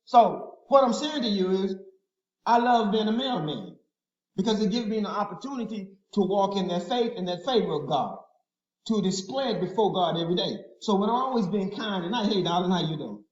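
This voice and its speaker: Man, preacher, high voice, call-and-response sermon, informal and emphatic, roomy echo. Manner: asks the congregation to fill in words. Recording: echoey, dull lo-fi room sound.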